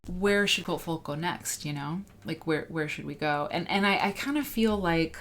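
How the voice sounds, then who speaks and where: A woman hosting a casual livestream, rambling and excitable as she chats and reads out viewer comments. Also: low-pitched, normal speed. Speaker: livestream host.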